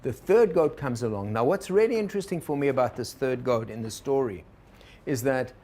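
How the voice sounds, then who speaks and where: A man's voice: medium pitch, fairly quick. Man giving a workshop talk, easygoing, wanders off track, mid-range voice, asks the room stuff. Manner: relaxed, digressive, asks the audience questions. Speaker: organizational consultant teaching a workshop. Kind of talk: lecture to a live group.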